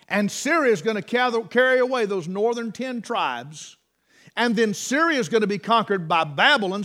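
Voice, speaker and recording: Male pastor, higher-pitched voice, slow deliberate sermon delivery, swings from forceful to hushed. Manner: preaching that swings between loud urgent passages and quiet, low reading of scripture; slow, deliberate delivery with pauses, reading aloud from the King James Bible.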